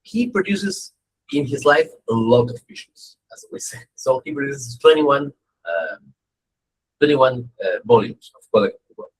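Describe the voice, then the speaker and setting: A man's voice: medium pitch, unhurried, breathy edge, poor audio. A man giving a humorous, conversational lecture as a dharma teacher, telling stories and often checking in with "right?". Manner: animated, joking, conversational, frequent "right?".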